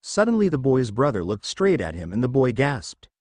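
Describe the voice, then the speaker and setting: A man reading fan fiction aloud as narrator, in a steady storytelling manner. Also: medium pitch, moderate pace, no room sound.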